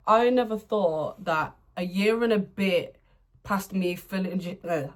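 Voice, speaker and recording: A woman's voice: medium pitch, drawn-out words. Chatty young woman vlogging. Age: young adult. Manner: chatty, laughs often, playful bursts of excitement. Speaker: beauty vlogger. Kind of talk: casual chat while doing makeup. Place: home room, indoors.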